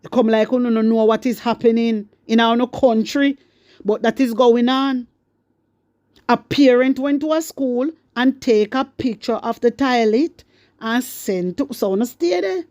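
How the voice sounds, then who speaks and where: Jamaican woman vlogger, high voice, dry close sound, fervent and preachy, speaks straight to her followers. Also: a little slow, a little mellow, no room sound. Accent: Jamaican Patois. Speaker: online commentator. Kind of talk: impassioned political commentary vlog.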